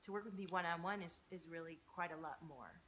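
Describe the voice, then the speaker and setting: Middle-aged woman on a live stream, bright voice, gushy and sweary, faint hiss. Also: a little fast. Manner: gushing, affectionate, swears freely, swoops up high when excited. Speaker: spiritual live-stream host. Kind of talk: live-stream chat with viewers.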